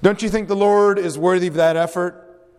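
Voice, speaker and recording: Male preacher, earnest and exhorting, slightly high voice, long hall reverb. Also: fairly even intonation, moderate pace, clear, resonant tone. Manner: earnest, exhorting, asks the congregation questions. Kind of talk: sermon.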